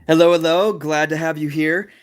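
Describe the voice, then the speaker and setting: A man's voice: fairly high pitch, steady tone, moderate pace. A man at home giving a casual livestream vocal lesson, talking in loose, rambling sentences full of fillers. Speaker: vocal coach streaming live.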